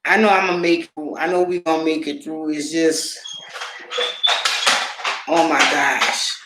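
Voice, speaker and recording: A man's voice: fairly high pitch, level tone, measured pace, heavy background noise. A man telling stories to camera in a casual vlog, loose and profane, repeating himself as he goes. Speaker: vlogger. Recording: echoey room.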